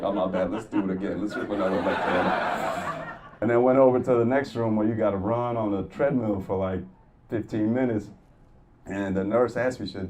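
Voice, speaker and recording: A man performing a stand-up comedy set, telling stories in a profane, animated way and acting out the people in them. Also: on the low side, fast talker. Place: comedy club stage before a laughing crowd. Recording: distant mic, audible room noise.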